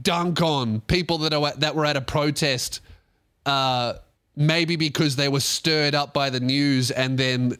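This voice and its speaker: A man's voice: medium pitch, a bit bright. A young Australian man hosting a podcast, ranting in a casual, sarcastic, profane way. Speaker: podcast host and comedian.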